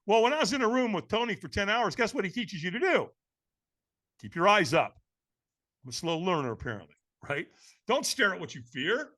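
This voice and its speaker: A man who is a podcast guest, telling a story in an energetic, emphatic way and acting out the other people in it. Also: sits high, a little fast. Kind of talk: animated storytelling.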